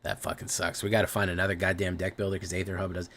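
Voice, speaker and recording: Deep-voiced man rambling on a live stream. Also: level tone, quick pace, a bit bright. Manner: rambling, swears freely, talks to chat. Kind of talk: casual live-stream chat.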